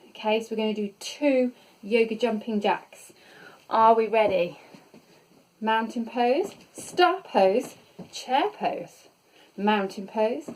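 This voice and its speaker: A woman's voice: mid-range voice, a little mellow, low-quality recording. A woman leading an online yoga class, upbeat and encouraging as she calls out poses. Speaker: yoga instructor. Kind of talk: online fitness class instruction.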